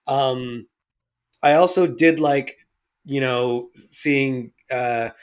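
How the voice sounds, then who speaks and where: A man's voice: mid-range voice, very slow, clear, resonant tone. A man co-hosting a casual movie review podcast, joking, swearing and teasing his co-hosts. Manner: joking and profane, teasing the others. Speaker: podcast co-host.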